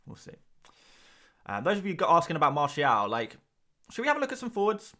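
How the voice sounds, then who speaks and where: Brief: male stream host, casual and jokey, bright voice. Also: mid-range voice, very animated, fast. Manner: jokey, laughs often, reads chat aloud. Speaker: fantasy football livestream host. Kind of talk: casual livestream chat.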